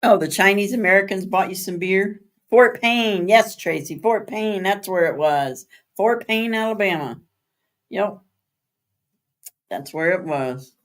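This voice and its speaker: A woman's voice: mid-range voice, unhurried. A woman hosting a casual live stream from home, chatting with viewers, answering their comments by name, spelling words out and laughing often. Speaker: livestream host. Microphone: streaming setup.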